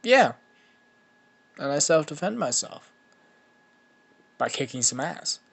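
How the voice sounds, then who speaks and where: A man's voice: mid-range voice, flat delivery, a little fast, a little mellow, natural voice. A man doing a weary, cocky young boy hero. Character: twelve-year-old boy hero, short-tempered and cocky.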